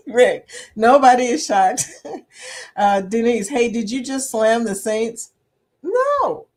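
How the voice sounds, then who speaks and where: A woman's voice: mid-range voice, a little mellow. A middle-aged woman from Pennsylvania hosting a livestream, chatting casually, reading out comments and laughing often. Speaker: livestream host.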